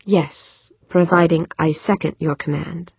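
A woman voicing a smooth, persuasive, ambitious male politician in an audiobook. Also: deep voice, steady tone, measured pace, dry recording, exaggerated voice. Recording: dull, muffled dry recording.

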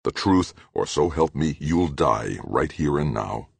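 A brutal, hot-tempered man who threatens and snarls, read by a male narrator with a very deep, gravelly voice. he draws out his threats slowly and with menace, rough and husky in a dry, close sound. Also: expressive, no echo, full character voice. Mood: menacing.

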